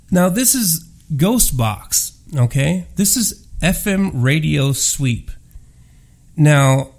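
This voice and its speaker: A man's voice: fairly high pitch, vocal fry, a little mellow. A man hosting a paranormal audio show, ranting in a profane, rambling, emphatic monologue.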